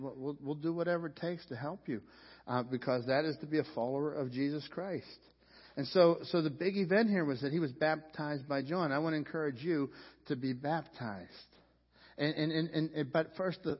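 Male pastor, conversational sermon, fairly high voice, dull recording, long church-hall reverb. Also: normal speed, slightly rough. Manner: conversational, repeats words when starting sentences. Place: church sanctuary.

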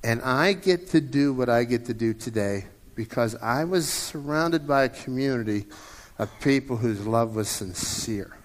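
A man's voice: mid-range voice, unhurried, long reverb tail. A man in his fifties preaching a sermon as a pastor, in a conversational way that often repeats and restarts words. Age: 50s.

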